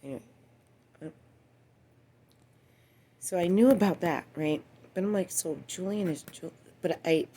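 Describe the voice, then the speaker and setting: A woman in her late twenties telling a rambling personal story to the camera, cursing often and swinging between a low murmur and loud exclamations. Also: unhurried, long pauses, husky. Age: 20s. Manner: profane, repetitive, meandering storytelling. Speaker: vlogger.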